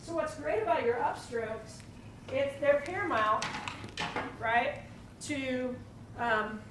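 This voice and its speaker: A woman teaching a live percussion clinic to students, energetic and coaxing, often asking the room questions. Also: high voice, takes it slowly, very noisy. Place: school band room with students. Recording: echoey room from far off, with drumming.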